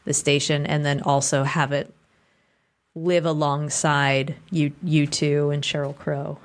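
Young woman radio dj, low voice, chatty with lots of likes and ums. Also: level tone, a little slow. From Boston area. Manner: chatty, many fillers, projects her voice. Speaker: radio DJ guest. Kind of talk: casual conversation.

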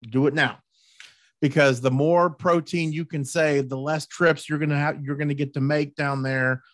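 A man's voice: a little high, fairly even intonation, moderate pace, dry recording, studio quality. A man hosting a hunting show, talking in a folksy, repetitive, pushy way. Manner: folksy, repeats words, pushy about tips. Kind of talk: casual podcast chat.

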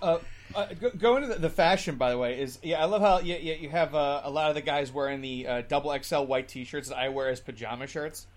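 Man, podcast co-host, slightly high voice, rambling, jokey, lots of stops and starts. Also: a little fast. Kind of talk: casual chat.

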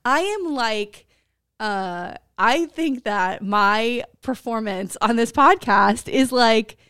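Woman podcast co-host, forties, animated and laughing, swears freely, fairly high voice, dry close sound. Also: slow, clear, resonant tone, dry recording. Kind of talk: casual chat.

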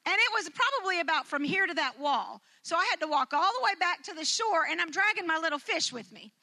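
A woman telling a funny personal story to an audience, animated and laughing as she acts out what everyone said. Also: fairly quick. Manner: animated, acts out quotes with big jumps in pitch; laughs through her own story. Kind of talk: storytelling talk to a live audience.

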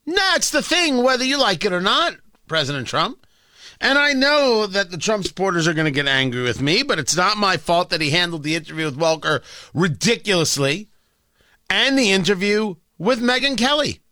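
Bright, lively-voiced talk radio man. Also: high-pitched, normal speed, no echo, studio quality. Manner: sarcastic, emphatic, animated delivery. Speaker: radio talk show host. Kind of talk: opinionated talk radio monologue. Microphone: studio microphone.

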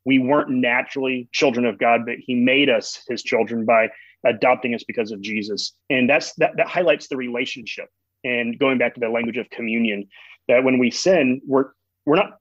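Male guest, husky tone, earnest and explanatory, dull dry recording. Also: mid-range voice, a little fast, dry recording. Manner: earnest, explains through family stories. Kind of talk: conversational theological explanation.

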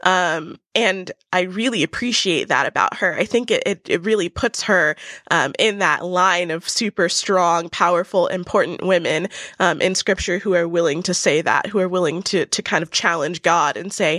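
A woman's voice: on the low side, moderate pace, a bit bright, no echo, studio quality. A woman in casual theological discussion, talking in an earnest, reflective way.

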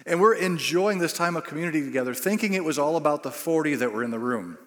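A man's voice: a little high, expressive, fast talker. A male pastor preaching a sermon, telling a story and building to bursts of emphasis. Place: church sanctuary. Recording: long reverb of a church hall.

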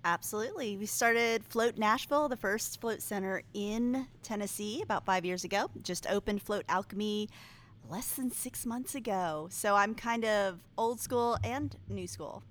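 A woman's voice: medium pitch, moderate pace. A woman co-hosts a live podcast in an ordinary mid-range voice. She sounds bubbly and chatty, and she laughs off her own slips. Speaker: podcast co-host. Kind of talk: casual live podcast chat.

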